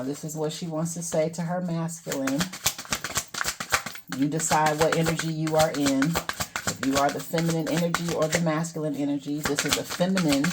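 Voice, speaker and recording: A woman hosting an oracle card reading, talking softly and gently and admitting the cards make her emotional. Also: deep voice. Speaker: tarot reader. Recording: loud background noise.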